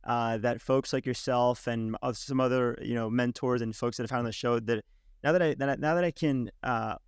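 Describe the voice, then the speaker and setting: A man's voice: medium pitch, steady tone, a little fast, smooth, no room sound, clean studio sound. A man hosting a podcast interview who talks conversationally, hesitating often and restarting his sentences. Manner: hesitant, with many restarts and fillers. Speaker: podcast host.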